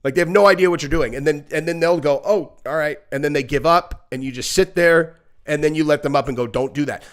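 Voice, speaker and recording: A man hosting a casual live reaction stream, talking bluntly and profanely in long rambling stretches full of fillers, and now and then shrieking in a high voice to act out kids and dogs. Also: fast talker, clear, resonant tone. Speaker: podcast host.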